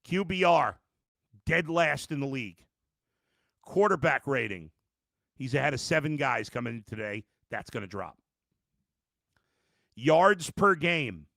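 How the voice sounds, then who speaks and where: Gravelly middle-aged guy ranting on a live sports show, bright edgy tone, dead dry sound. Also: mid-range voice, lively intonation, a little slow, long pauses, no room sound. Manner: heated, emphatic ranting with repeated restarts; addresses viewers directly as folks. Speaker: sports podcast host. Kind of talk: live postgame reaction podcast.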